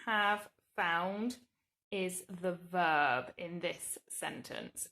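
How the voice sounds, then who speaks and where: An English woman, a primary school teacher, giving a recorded grammar lesson to young children in a slow, clear, patient way. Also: lowish voice, animated, pushed and bright. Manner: slow, clear, patient explaining with drawn-out example words.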